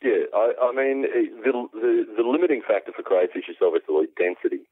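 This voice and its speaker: A low-voiced man with an Australian accent talks through a long, relaxed explanation, dotting it with ums. His voice comes over a tinny, dry phone line. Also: brisk, dry recording. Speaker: aquaponics specialist guest. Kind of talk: explanatory interview answers. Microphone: phone call.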